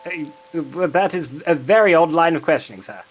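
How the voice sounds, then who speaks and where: A man's voice: a little high, lively intonation, normal speed, faint music behind, lightly acted. A man playing a polite, overly formal census taker with a British accent who keeps calling people sir. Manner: overly formal, keeps saying sir, swears when startled. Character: polite fussy Old West male census taker.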